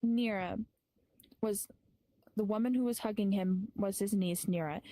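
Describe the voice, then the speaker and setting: A woman with a mellow, dark-toned voice narrates an improvised story, recorded close and dry. She sometimes trips over names and restarts words, then carries on. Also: medium pitch, fairly even intonation, moderate pace, no room sound, rough recording. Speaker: improv performer.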